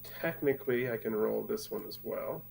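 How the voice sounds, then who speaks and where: Relaxed man running a tabletop game. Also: mid-range voice, moderate pace, creaky, slight background noise. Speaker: game master. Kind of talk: casual game narration.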